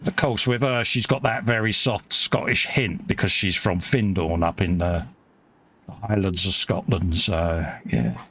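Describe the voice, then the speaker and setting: A man's voice: deep voice, a little slow, a bit bright. A man with a Cockney accent hosting a casual live model-building stream, chatty and matey, reading out viewer comments. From England. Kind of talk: casual chat. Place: home hobby workbench.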